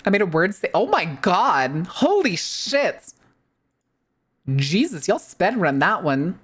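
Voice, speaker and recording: A woman's voice: fairly low pitch, sing-song, takes it slowly, slightly rough. A woman VTuber streamer in casual, rambling live-stream chat, swearing freely and using plenty of filler words.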